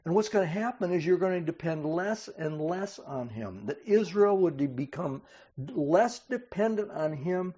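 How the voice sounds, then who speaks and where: Husky-voiced man preaching a sermon. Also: on the high side, expressive, unhurried, warm tone, highs cut off. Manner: dramatic, rising emphasis on quoted cries. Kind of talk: sermon reading and explaining scripture.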